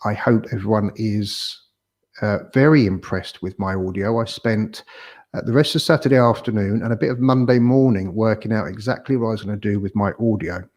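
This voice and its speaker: A man's voice: fairly low pitch, darkish tone. Chatty man hosting a rambling livestream. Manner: chatty, rambling, reads viewer comments aloud. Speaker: property agent hosting a livestream. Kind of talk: casual livestream chat. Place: home room in Tenerife. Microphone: camera microphone on a tripod by his mouth.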